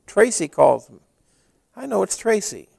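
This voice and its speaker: Male pastor, high voice with a lot of lift, dry close sound; storytelling sermon that builds to emphatic preaching. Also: very animated, unhurried, vocal fry, a little mellow, dry recording.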